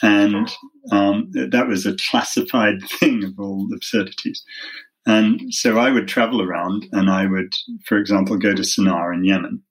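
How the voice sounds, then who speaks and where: A man's voice: fairly low pitch, fairly even intonation, normal speed, slightly rough, low-quality recording. A middle-aged man with a British accent, a lawyer telling stories in a conversational interview, wry and self-deprecating. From half American, half British. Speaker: human rights lawyer.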